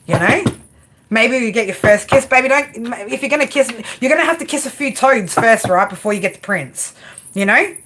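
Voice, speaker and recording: A woman doing a live tarot reading, talking straight to the viewer in a brash, sweary, chatty way. Her pitch sits in a middle range for a woman. A steady noise runs clearly under her voice. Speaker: tarot reader.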